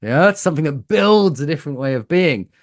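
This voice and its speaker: A man from Britain teaching a live coaching workshop, lively and playful, asking the room questions. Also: fairly high pitch, a little fast.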